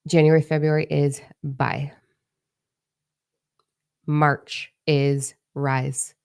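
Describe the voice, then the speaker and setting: A woman's voice: low-pitched, flat delivery, very slow, creaky, a little mellow, clear, resonant tone. A middle-aged woman hosting a spiritual live stream, talking casually and rambling, frank and swearing freely. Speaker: spiritual channel host.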